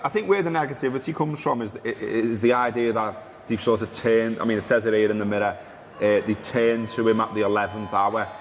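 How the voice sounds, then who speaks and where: A low-voiced man hosts a casual football chat show, joking, teasing and stumbling over names. His voice rings with a long hall reverb, and a faint hum sits behind him. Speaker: podcast host.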